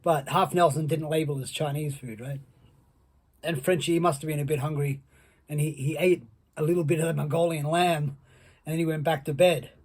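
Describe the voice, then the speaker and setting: Husky-voiced man telling a rowdy story. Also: on the high side, a little fast. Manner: rambling, profane, building excitement. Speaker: storyteller, former wrestler. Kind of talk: casual anecdote.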